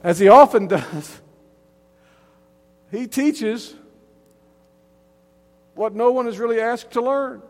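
A man with a high voice preaches an emphatic sermon. His words ring out with a long hall reverb, and he often restarts phrases as he drives each point home. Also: slow pace, long pauses. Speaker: pastor.

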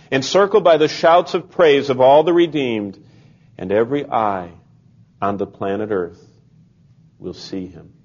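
A male pastor delivers a sermon in an emphatic preaching cadence, letting his phrases sink low and quiet at their close. His voice sits at an ordinary male pitch. The recording is somewhat muffled and lo-fi. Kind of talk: sermon with scripture reading and prayer.

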